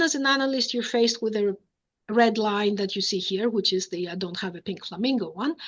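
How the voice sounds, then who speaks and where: A woman giving an academic lecture, explaining step by step, often pausing on "uh" and checking with "okay?". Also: fairly high pitch, fairly bright tone, highs cut off.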